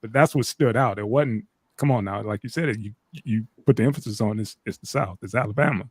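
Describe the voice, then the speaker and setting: A man's voice: lowish voice, fast, husky, no echo. A man co-hosting a podcast, chatting casually and acting out what other people said as he tells a story. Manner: storytelling, acts out others' lines. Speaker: podcast co-host. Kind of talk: casual chat.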